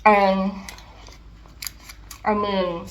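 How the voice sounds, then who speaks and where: A woman's voice: mid-range voice, very slow, a little hiss or hum. Chatty young woman eating on camera. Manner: chatty, filler-heavy, excitable, with chewing and "mm" sounds between remarks. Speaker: mukbang vlogger. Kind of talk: casual chat while eating.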